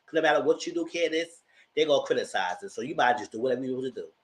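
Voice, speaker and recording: A man's voice: on the high side, sing-song, fast, fairly bright tone. A man giving a casual, sassy live review of reality TV, slangy and acting out the cast's lines as he goes. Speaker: TV reality show commentator.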